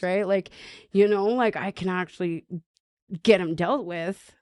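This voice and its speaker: A woman's voice: mid-range voice, moderate pace, a little mellow, no room sound, studio quality. A woman from Canada telling her recovery story as a podcast guest, earnest, with many "like" fillers and acted-out dialogue.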